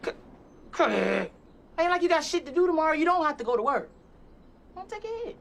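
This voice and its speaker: An actor playing a fast-talking young male stoner buddy who pushes his friend around with loud street slang. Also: very high-pitched, very animated, full character voice. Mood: coaxing.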